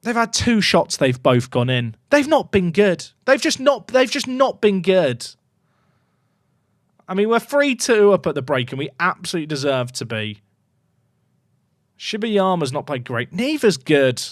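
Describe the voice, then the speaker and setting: A man streaming a football management game, talking to his chat and swinging from low muttering to excited shouts. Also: measured pace, no echo, studio quality. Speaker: gaming streamer. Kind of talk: live game commentary to chat.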